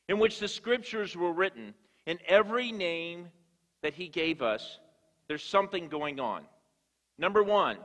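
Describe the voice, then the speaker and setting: A man's voice: a little high, a bit bright. Man preaching in a reverberant church. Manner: storytelling, repeats words when restarting. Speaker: guest preacher. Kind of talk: sermon. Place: church sanctuary. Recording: long church hall reverb.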